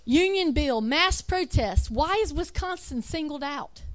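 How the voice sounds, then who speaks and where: An unhurried woman whose expressive voice sits high gives an emphatic religious talk backed by slides. She reads out lists, raises rhetorical questions, and corrects herself along the way.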